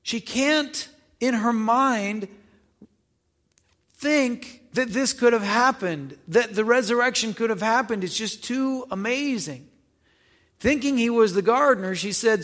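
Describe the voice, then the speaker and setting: A man preaching, reading scripture aloud and explaining it conversationally, pausing to ask the listeners questions. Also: very high voice, fairly bright tone. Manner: reads verses then explains them conversationally, asking questions. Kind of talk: Bible teaching, reading scripture with commentary. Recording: long hall reverb.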